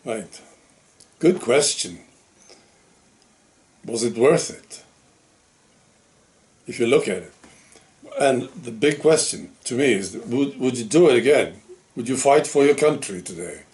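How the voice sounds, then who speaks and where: Middle-aged guy talking slow, halting monologue, stops and restarts a lot, average pitch. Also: animated, a little mellow. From Sweden. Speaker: commentary channel host. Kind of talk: casual monologue commentary.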